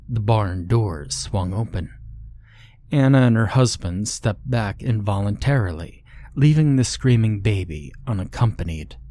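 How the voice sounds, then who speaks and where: A man reading a horror story aloud in slow, measured scripted narration. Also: on the low side, dark tone.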